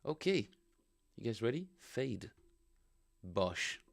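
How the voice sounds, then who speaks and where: A man's voice: medium pitch, sing-song, slow pace, gravelly. A man casually chatting with viewers on a live stream, rambling and joking as he reads chat aloud. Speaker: bass player streaming practice.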